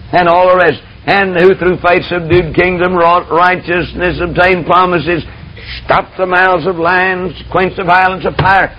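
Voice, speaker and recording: A man preaching a sermon in a drawl, folksy and emphatic as he tells his stories. His voice sits a little high. The tape sounds dull and lo-fi with a faint hiss behind it.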